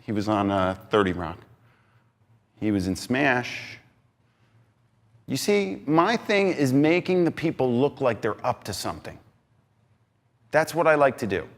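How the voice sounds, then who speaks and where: A man giving an energetic talk on stage, emphatic and excitable, swinging between loud bursts and quieter asides. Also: mid-range voice, measured pace, pauses often. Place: large hall on stage. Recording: reverberant hall.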